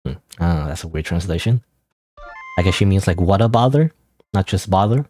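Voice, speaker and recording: A man's voice: low voice, expressive, moderate pace, a little mellow, soft background music. A young man streaming a story game, casually commenting, reading dialogue aloud and rambling with frequent self-interruptions.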